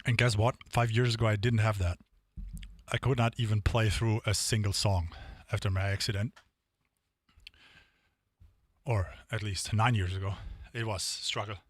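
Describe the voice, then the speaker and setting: A man's voice: lowish voice, steady tone, normal speed, no echo, clean studio sound. A man streaming drum sessions, chatting casually and rambling to viewers between songs. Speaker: drumming live streamer.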